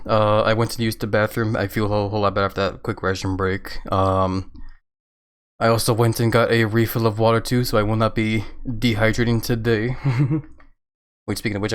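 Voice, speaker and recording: Low-voiced chatty man streaming a game. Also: clean tone. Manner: chatty, laughs often, thanks viewers by name. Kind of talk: casual live-stream commentary.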